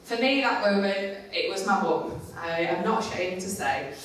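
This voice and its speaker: A woman's voice: medium pitch, lively intonation, moderate pace. Woman conference speaker, candid, self-deprecating storyteller who swears freely. Recorded in a reverberant hall from some distance, with faint room noise behind. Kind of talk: storytelling talk. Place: conference stage in a large hall. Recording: echoey hall, mic at a distance.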